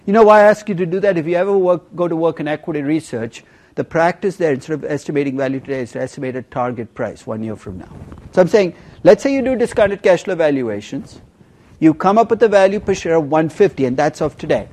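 A man teaching a university finance class, emphatic and lively, teasing students with questions. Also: on the high side, quick pace. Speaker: finance professor. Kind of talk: university lecture.

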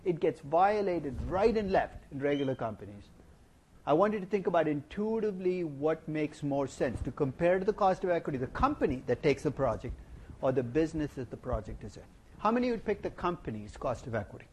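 A middle-aged man giving a university finance lecture, animated and playful, asking the class rhetorical questions. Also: a little high, fairly quick, slight background noise. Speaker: finance professor. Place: lecture hall.

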